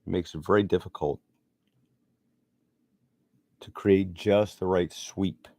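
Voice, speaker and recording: A man's voice: deep voice, steady tone, slow pace, creaky, darkish tone, no room sound. A middle-aged man chatting casually and rambling as he narrates his sculpting work. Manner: rambling, chatty, self-deprecating. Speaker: sculptor vlogger.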